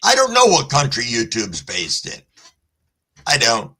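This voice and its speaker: A man hosts a casual live stream, slow and unhurried in his delivery. His voice is bright and forceful, and he swears freely and apologizes a lot. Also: medium pitch, wildly swooping pitch, slightly rough. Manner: laid-back, profane, apologetic. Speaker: livestream host. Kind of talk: casual livestream chat.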